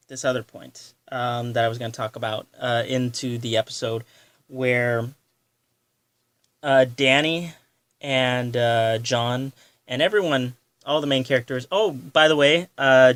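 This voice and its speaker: A man's voice: mid-range voice, a bit bright, dry recording. A young man casually recapping a TV episode, rambling with lots of fillers and loose paraphrase, with the odd swear word. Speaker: show reviewer.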